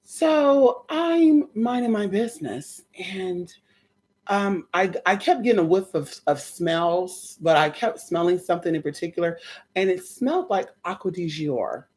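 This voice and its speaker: A young adult woman telling her viewers a story in a casual, animated way. She swears freely and keeps calling them y'all. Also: lowish voice, unhurried. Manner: animated, chatty, profane, addresses viewers as y'all. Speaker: spiritual content creator.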